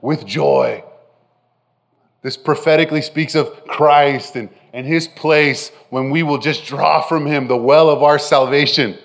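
Animated preacher man, slightly high voice. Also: a little slow, vocal fry. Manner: animated preaching, swinging from loud to soft and intimate; addresses listeners directly with frequent "right?". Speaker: pastor. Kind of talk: sermon.

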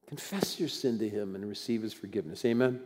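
A man's voice: lowish voice, brisk, a little mellow. An older man preaching a sermon in a conversational, folksy way with bursts of emphasis. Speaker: pastor. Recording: long hall reverb.

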